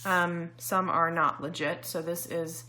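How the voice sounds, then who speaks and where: A woman's voice: fairly low pitch, fairly even intonation, unhurried, pushed and bright. A woman vlogger casually demonstrating beauty products, chatty and explanatory with frequent ums, sounding slightly out of breath.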